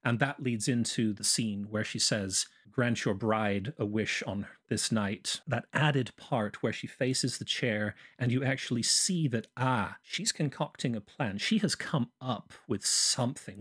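A man with a slightly husky voice walks through film scenes step by step, methodical and detailed. He talks as a podcast co-host in relaxed movie review chat. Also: mid-range voice, moderate pace.

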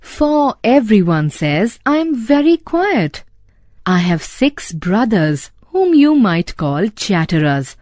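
A woman's voice: medium pitch, big pitch swings, slow, a little mellow, dry recording, clean studio sound. A woman voicing a chatty, boastful male barber who talks on and on in a polite, soothing way.

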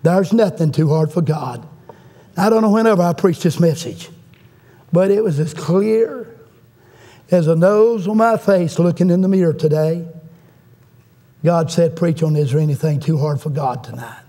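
A man's voice: a little high, normal speed, pauses often, mellow. A middle-aged man preaching a fervent revival sermon in a church, telling a story and calling out to the congregation. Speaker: guest preacher. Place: church sanctuary.

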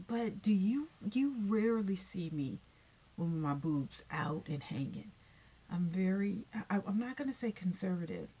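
Woman vlogger, husky and blunt, casual gossip talk at home on a muffled recording. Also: medium pitch, animated, measured pace, warm tone. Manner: blunt, gossipy, chatty with laughs. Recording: dull lo-fi recording.

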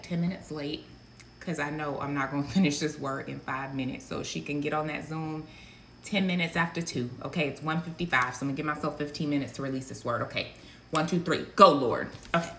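A woman's voice: lowish voice, a bit bright, roomy sound, slight background noise. A woman minister giving a casual, digressive sermon, talking straight to her online viewers. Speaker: prophetic minister.

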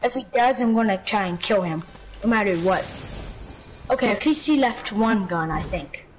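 A woman's voice: mid-range voice, lively intonation, moderate pace, a little hiss or hum, rough recording. A woman streaming a video game live, exasperated, repeating exclamations and shrieking when her character dies. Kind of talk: live gameplay chatter.

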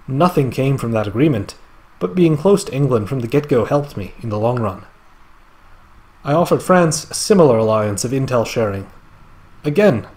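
A man reading a male player's game report aloud in a deliberately bad put-on Scottish accent that drifts into other accents. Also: medium pitch, a little mellow, natural voice. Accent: put-on Scottish, slipping into other accents. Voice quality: wavering mock accent, wry storytelling. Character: male Austrian player recounting his game.

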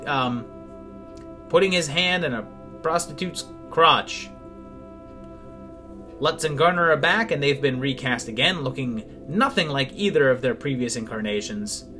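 A man's voice: fairly high pitch, fairly bright tone. A man narrating a comedic film review in a sarcastic, wry tone. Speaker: movie reviewer. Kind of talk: scripted comedic video narration.

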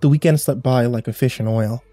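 A man narrating a horror story in a measured, somber storytelling voice. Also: medium pitch, no room sound. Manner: measured, somber storytelling with quiet dialogue reads. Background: faint music.

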